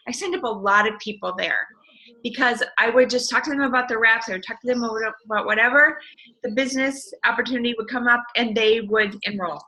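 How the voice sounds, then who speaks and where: A middle-aged woman tells her story as an interview guest. She speaks with passionate, motivational energy, sometimes launching into an animated rant. Her voice is bright and forward, pitched a little high. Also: brisk, rough recording. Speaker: network marketing distributor, guest. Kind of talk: enthusiastic motivational interview talk.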